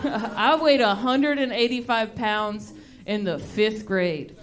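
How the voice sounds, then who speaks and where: A woman from Texas doing a stand-up comedy set on a club stage into a handheld mic, deadpan and laughing between jokes. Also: on the high side, slow pace, very noisy. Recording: live club with loud crowd laughter.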